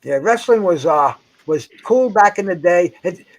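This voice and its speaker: A man's voice: high-pitched, animated, measured pace. An older man in casual chat, rambling and profane, stumbling over restarts as he talks outdoors by a dock on the water. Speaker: host.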